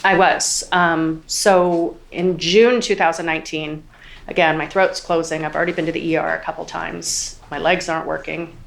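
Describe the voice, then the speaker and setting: A woman in her forties testifies from the witness stand in a courtroom. Her voice sits low with a gravelly fry, and she talks haltingly with many ums, close to tears. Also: steady tone. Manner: hesitant, many ums, quotes others. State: near tears. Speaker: trial witness.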